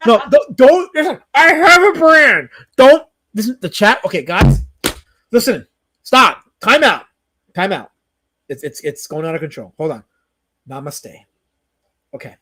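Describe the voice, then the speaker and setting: This male livestream host speaks in an extremely high, pushed, bright voice with big swings in pitch. Fast and restless, he trades casual banter, fires off mock-outraged, indignant rants, and talks back to his chat.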